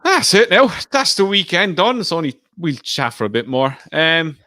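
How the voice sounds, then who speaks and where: Man, podcast co-host, casual betting chat, teasing banter, animated pitch, bright tone, dry close mic. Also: moderate pace, no echo.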